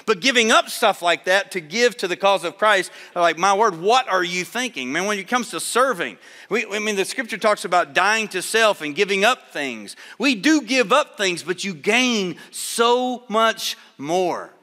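Preacher man booming in a reverberant hall. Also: lively intonation, measured pace. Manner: swings from loud exhortation to hushed storytelling. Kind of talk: sermon with personal story.

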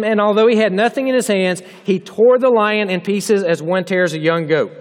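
A man with a Southern US accent preaching a humorous chapel sermon, folksy and full of joking asides to the audience. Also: high-pitched. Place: chapel hall. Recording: long hall reverb.

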